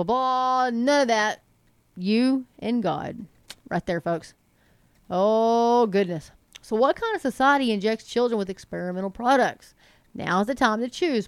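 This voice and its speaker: A woman's voice: on the high side, clean tone, no room sound. A middle-aged woman hosting an online commentary show, congested from a sinus cold, reading news aloud with preachy fervor and asking her viewers rhetorical questions.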